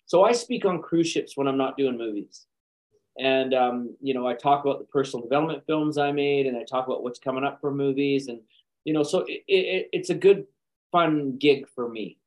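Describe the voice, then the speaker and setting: A man, an actor and speaker, telling lively anecdotes in a podcast interview with frequent chuckles. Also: medium pitch, moderate pace, rough recording. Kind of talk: conversational storytelling.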